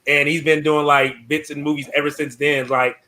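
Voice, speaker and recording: A man's voice: a little high, little pitch movement, moderate pace, bright, forceful tone. A man, a military veteran, hosting a casual interview, hesitant and full of fillers.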